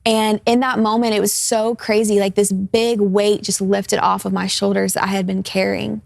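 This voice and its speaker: Young woman with a light vocal fry. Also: medium pitch, little pitch movement, normal speed, no room sound. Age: 20s. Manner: earnest, open, laughs easily in light moments. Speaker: guest. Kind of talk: personal testimony on a talk show. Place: television studio.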